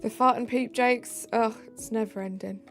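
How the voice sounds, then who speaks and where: Tired british girl chatting on stream, bit of fry in her voice, faint music under it. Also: on the high side, fairly even intonation, normal speed. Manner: chatty and giggly, drops into soft asides. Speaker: live streamer. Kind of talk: casual live-stream chat, reading chat aloud.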